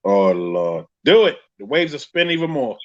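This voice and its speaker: A podcast host with a New York accent chats casually on a live stream, his mid-range voice moving at a moderate pace. He spins stories with animation and jokes, laughing frequently, though the audio is muffled and lo-fi.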